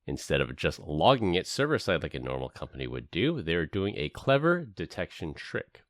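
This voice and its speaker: Very deep-voiced man, animated podcast host. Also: moderate pace, no room sound, clean studio sound. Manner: animated storytelling, acts out quoted people. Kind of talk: casual tech podcast chat.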